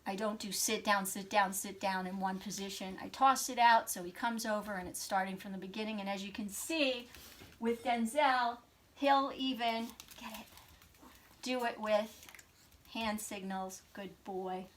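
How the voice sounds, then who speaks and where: A woman dog trainer demonstrating, mixing quick commands to her dog with upbeat explanation. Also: mid-range voice, a little hiss or hum.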